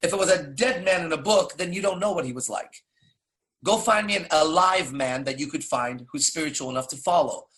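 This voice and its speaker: A man's voice: on the high side, a little fast, a bit bright. A man coaching in a blunt, profane casual monologue, firing off rhetorical questions. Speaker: dating coach.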